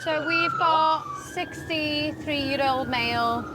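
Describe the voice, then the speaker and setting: A woman's voice: high voice, takes it slowly, heavy background noise. Chatty paramedic woman. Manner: friendly, chatty, caring. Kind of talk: casual chat with patient.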